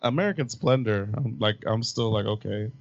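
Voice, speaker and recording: A man's voice: on the low side, moderate pace, dry recording. A man hosting a casual movie chat podcast, teasing and laughing often. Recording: dull lo-fi sound.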